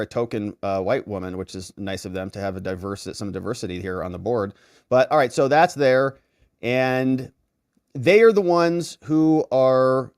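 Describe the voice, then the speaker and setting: A male legal commentator talks through documents in a loose, conversational way, dropping sarcastic asides as he goes. His voice sits at an ordinary middle pitch. The recording is close and dry, with no room sound. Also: darkish tone, dry recording. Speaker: lawyer commentator. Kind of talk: casual commentary reading documents.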